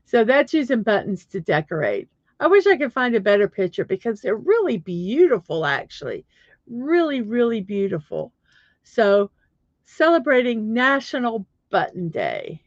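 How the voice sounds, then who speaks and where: A woman's voice: fairly high pitch, wildly swooping pitch, normal speed, no room sound, dull audio. A middle-aged woman hosting a casual livestream, chatting in a rambling way with many fillers while she searches for things on her computer. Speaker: livestream host.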